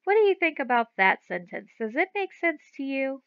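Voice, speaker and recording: A woman's voice: on the high side, big pitch swings, normal speed, vocal fry, few pauses, fairly bright tone, clear, resonant tone, no room sound, muffled recording. A woman teaching a phonics lesson to young children, patiently sounding out letters and words and repeating them.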